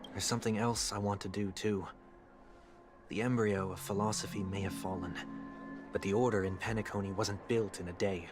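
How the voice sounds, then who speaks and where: An actor voicing a formal, proud young man seeking atonement, speaking in a measured, orderly way, with music behind. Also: fairly low pitch, steady tone, natural voice. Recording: game audio with loud music behind.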